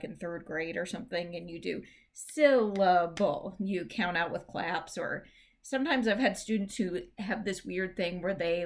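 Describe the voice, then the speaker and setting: A woman English teacher talks through a recorded lesson in a casual, chatty way, scattering fillers as she goes. Her voice sits a little low, and she leans hard on stressed syllables to show how words are said. Now and then she slips in a dry, self-mocking joke. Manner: exaggerates word stress to demonstrate. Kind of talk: recorded class lecture.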